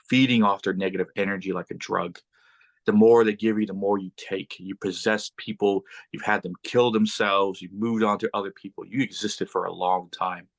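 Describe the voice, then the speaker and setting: Male podcast guest with a lowish voice, unhurried and deliberate, pulling the listener into the story. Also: a bit bright. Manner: slow, deliberate second-person storytelling that builds suspense. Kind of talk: casual interview storytelling.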